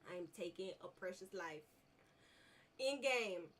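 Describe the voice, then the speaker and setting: A woman's voice: medium pitch, lively intonation, measured pace, a bit bright, a little hiss or hum. A woman giving casual, chatty commentary on her gameplay, talking to herself and her viewers as she plays. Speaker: gaming vlogger. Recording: voice a little distant from the mic.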